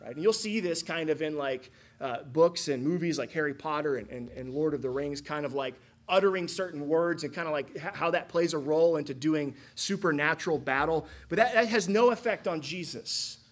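A man's voice: fairly high pitch, brisk, hardly any pauses. A man, a pastor, preaching a sermon with energy and frequent rhetorical questions.

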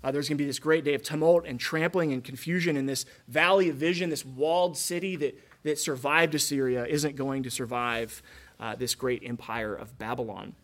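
A pastor preaching a conversational sermon, checking in with listeners through frequent asides. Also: male voice, mid-range voice, steady tone, moderate pace, fairly bright tone.

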